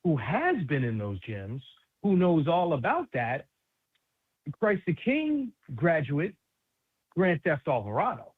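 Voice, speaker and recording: A man's voice: on the high side, wildly swooping pitch, takes it slowly, pauses often, breathy edge. A man from New York City, a basketball analyst guest, chatting casually and animatedly on sports radio with street slang, over a tinny phone line.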